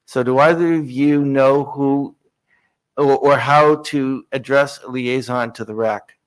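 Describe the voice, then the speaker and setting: A man's voice: mid-range voice, fairly even intonation, unhurried. Man, meeting presenter, polite, chatty, fillers and restarts, conference room mic. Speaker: working group presenter.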